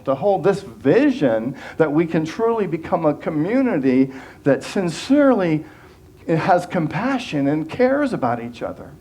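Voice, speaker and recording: A man's voice: fairly high pitch, darkish tone. A man giving a sermon as minister, earnest and conversational, often restarting phrases and acting out quoted voices.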